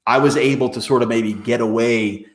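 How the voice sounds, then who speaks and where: A man in his forties talks as a guest on a podcast, spinning animated stories from his past. His pitch sits at an ordinary middle level for a man. The recording is roomy, with a clear echo around him. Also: normal speed. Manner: animated storyteller who acts out quotes in other voices. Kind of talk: conversational interview storytelling.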